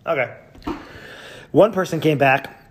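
A man hosting a podcast, reading out tweets with sarcastic, mocking commentary and sudden loud yells. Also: a little high, unhurried, a little hiss or hum. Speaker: podcast host.

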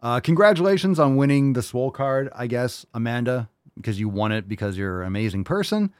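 Lively sarcastic man hosting a podcast. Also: mid-range voice, fairly quick, dry recording, clean studio sound. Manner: mock-angry, sarcastic, swings between loud and muttering. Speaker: podcast host. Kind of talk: casual comedic banter.

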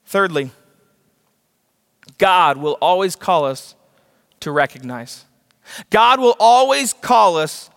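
A man's voice: high voice, fairly bright tone. A young man preaching a sermon, telling stories and asking the congregation rhetorical questions. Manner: storytelling, rhetorical questions to the room. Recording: long hall reverb.

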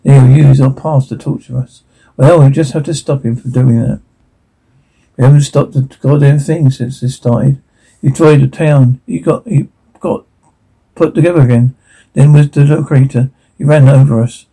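An actor playing a blunt, foul-mouthed man in a television drama, talking in a gruff, exasperated rant. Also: mid-range voice, steady tone, moderate pace, warm tone, poor audio.

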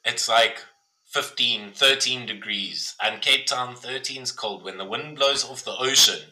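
A man's voice: medium pitch, unhurried, pushed and bright, rough recording. A young man co-hosting a podcast, telling crude stories in casual banter. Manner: crude, storytelling banter with frequent "bro". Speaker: podcast co-host. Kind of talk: casual chat.

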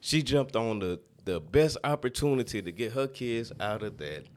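A man's voice: mid-range voice, animated, normal speed. A man with a New Orleans accent, a podcast guest telling stories in a laid-back way and laughing often. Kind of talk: casual storytelling.

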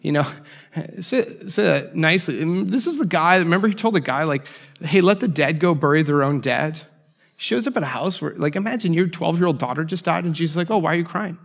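A man preaching a sermon, telling the story with lively acted-out voices and casual asides. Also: on the high side, fairly quick, creaky. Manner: animated storytelling, acts out voices of biblical figures. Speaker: pastor.

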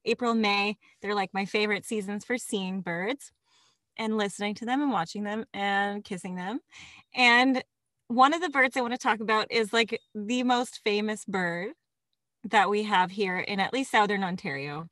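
A woman's voice: medium pitch, moderate pace, fairly bright tone, dry recording. A woman co-hosting a casual podcast, talking about birds with lots of laughter and enthusiasm. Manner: giggly, enthusiastic. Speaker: podcast co-host.

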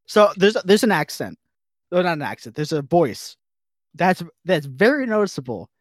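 A man's voice: fairly high pitch, big pitch swings, normal speed, no room sound, clean studio sound. A man hosting a podcast in a casual, goofy, rambling chat. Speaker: podcast host.

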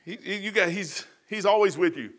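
A man's voice: high-pitched, fairly quick. A man, preaching a folksy sermon with casual asides and self-mocking humor. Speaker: pastor.

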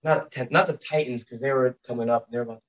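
A young man from the Pacific Northwest, a podcast guest telling stories excitedly in casual chat, with fillers. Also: mid-range voice, fast talker. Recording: dull lo-fi sound.

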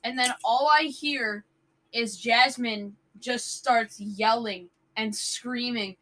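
A woman's voice: a little high, takes it slowly, low-quality recording. A woman telling her side of a story in a casual chat among friends, recounting events step by step. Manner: steady first-person retelling.

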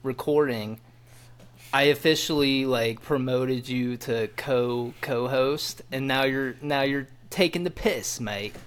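A man's voice: mid-range voice, slow pace, a bit bright, clear, resonant tone. A young man co-hosting a podcast, trading crude jokes in casual banter. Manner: joking, crude, jumps into bits. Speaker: podcast co-host.

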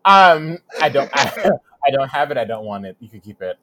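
A man co-hosting a casual podcast chat, talking with playful storytelling and drawn-out phrases. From Jamaican heritage. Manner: animated, playful storyteller, drawls and swings his pitch. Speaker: podcast co-host. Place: remote virtual studio.

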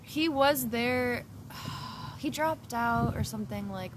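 Lively woman, fairly high voice, swears a lot, laughs a lot, noisy recording. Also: takes it slowly. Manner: animated, laughing, frank and profane. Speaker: film director and producer, guest. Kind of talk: casual chat.

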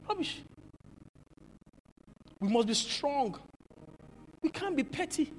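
A pastor preaching a sermon, moving from low, musing talk to shouted rebuke. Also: male voice, long reverb tail.

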